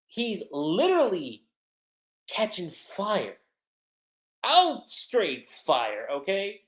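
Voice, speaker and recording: A man giving casual livestream commentary as a manga reviewer, chatty and animated. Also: high-pitched, slow, reverberant. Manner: animated, chatty, frequent laughter and fillers.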